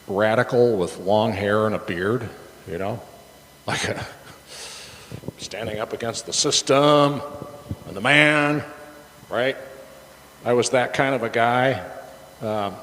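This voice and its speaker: A middle-aged man preaching a sermon as a casual story, chatty and rambling, with many fillers and restarts. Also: medium pitch. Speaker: pastor. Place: church sanctuary. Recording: reverberant hall with faint background noise.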